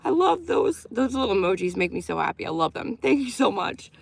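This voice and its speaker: A woman's voice: medium pitch, lively intonation, fast talker, creaky, dry recording. A woman giving blunt, profane, opinionated commentary on a livestream, thanking viewers as she goes. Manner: reacts warmly to viewer gifts.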